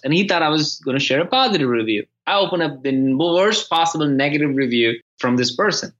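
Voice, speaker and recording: A man talking through his experiences as an author in a casual conversation, stopping and repeating words as he goes and growing animated in his stories. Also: fairly high pitch, muffled recording. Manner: halting, repeats words when restarting, animated when telling stories. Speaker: podcast guest and author.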